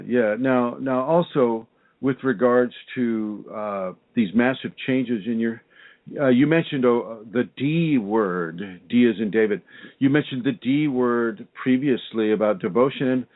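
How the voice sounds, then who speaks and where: A man hosting a radio interview, asking probing questions over a tinny phone line. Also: medium pitch. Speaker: radio show host and spiritual teacher. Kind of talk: interview on a call-in radio show.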